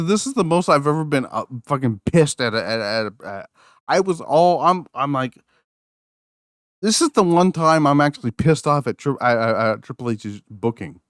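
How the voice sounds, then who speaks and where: A man's voice: mid-range voice, no echo, studio quality. An angry man, hosting a podcast alone and ranting with constant swearing and restarts. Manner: angry, profane, repeats words and restarts. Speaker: podcast host. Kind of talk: solo rant review.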